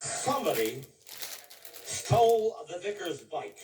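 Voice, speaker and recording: A man tells crude jokes. He often laughs at his own punchlines. His voice is high-pitched and sounds roomy and distant. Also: very animated, slow pace, background noise. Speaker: comedian telling jokes. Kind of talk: crude stand-up joke telling. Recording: echoey room heard from far off.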